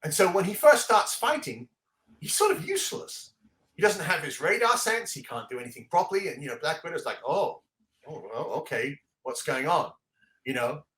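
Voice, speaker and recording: A man hosting a casual comic book podcast, excitedly walking through the pages and laughing often. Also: on the high side, brisk. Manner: excitable, laughing often, reads dialogue aloud. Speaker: comic book show host. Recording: echoey room.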